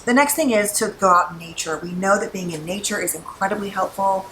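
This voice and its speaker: A middle-aged woman psychologist giving casual, gently instructive advice while cooking at home, with a conversational manner. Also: medium pitch, fairly quick, echoey room, slight background noise, poor audio. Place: home kitchen.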